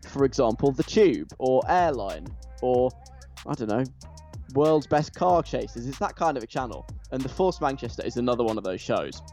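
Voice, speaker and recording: A man's voice: medium pitch, big pitch swings, moderate pace, mellow. A man hosting a radio show, chatty and enthusiastic. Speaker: radio host. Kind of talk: casual radio chat. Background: faint music.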